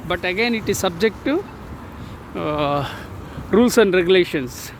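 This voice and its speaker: A man in his sixties vlogging while he walks along city streets, speaking slowly and haltingly with many fillers and repeated words, recorded on a phone he holds in his hand. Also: sits high, expressive. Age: 60s. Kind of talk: casual walking vlog. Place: outdoors on city streets with traffic. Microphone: phone held in hand while walking. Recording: street traffic noise on a phone. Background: traffic and street noise.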